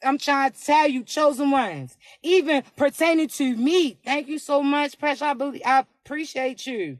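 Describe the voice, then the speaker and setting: A woman with a raspy voice giving a casual spiritual reading to camera, slangy and emphatic, often asking "you heard me". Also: high voice, normal speed, dry recording. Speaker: spiritual card reader.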